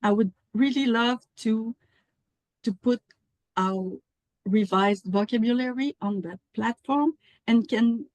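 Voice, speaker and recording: A woman librarian answering audience questions in an online panel, careful and pausing with frequent fillers. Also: on the high side, a little mellow, no room sound, poor audio. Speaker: librarian presenter.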